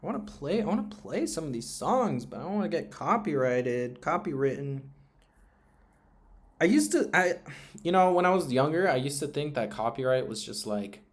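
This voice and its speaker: A young man talking to himself during a live trading stream, rambling and swearing, often sinking to a low mutter. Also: animated, brisk. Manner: rambling, profane, emotional self-talk. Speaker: trading livestreamer. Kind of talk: casual live-stream monologue.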